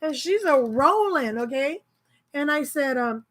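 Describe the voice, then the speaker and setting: A woman with a high, bright voice tells a story in a casual vlog. Her delivery is animated and exasperated, and she often laughs as she goes. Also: measured pace. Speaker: grocery delivery shopper.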